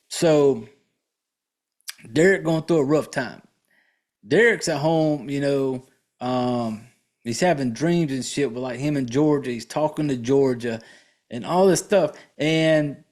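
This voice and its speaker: A man with a somewhat high voice recaps a horror movie for his podcast listeners. He talks casually and bluntly, swears freely, and rambles with fillers and restarts. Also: darkish tone.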